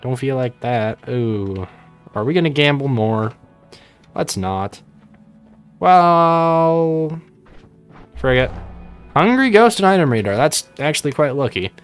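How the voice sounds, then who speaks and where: A man's voice: medium pitch, very animated, slow, long pauses, smooth, faint music behind. A young man casually commenting on his own gameplay, rambling and joking, with sudden panicky outbursts. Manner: rambling, jokey, panicky bursts. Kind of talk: casual let's-play commentary.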